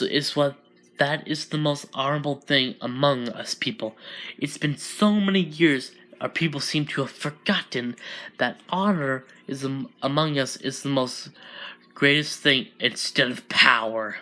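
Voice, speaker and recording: A man voicing an ancient alien monster who guards an artifact and lectures slowly about honor. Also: mid-range voice, pushed and bright. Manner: slow moralizing speeches with restarts.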